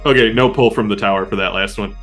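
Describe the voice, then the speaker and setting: A man's voice: lowish voice, fairly even intonation, fast, a bit bright, faint music behind. A man playing a tabletop survival game with a friend, telling his character's days in a loose, swearing, laughing way. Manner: laughs often, swears, trails off and repeats himself. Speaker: player and podcast host. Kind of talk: casual tabletop game play with in-character journaling.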